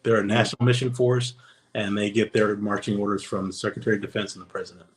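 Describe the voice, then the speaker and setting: A man's voice: lowish voice, steady tone, fast talker, poor audio. A man guesting on an interview podcast, telling his stories in an easygoing, anecdotal way and acting out the dialogue. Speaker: guest, former Navy special operator. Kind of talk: casual interview storytelling.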